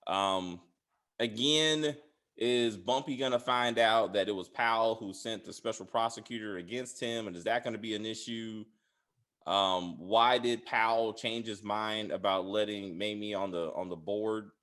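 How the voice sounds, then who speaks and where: A man casually chatting as a podcast host, rambling with many fillers and restarts. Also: a little slow. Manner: laughs loudly and high. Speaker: podcast host reviewing a TV series. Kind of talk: casual chat.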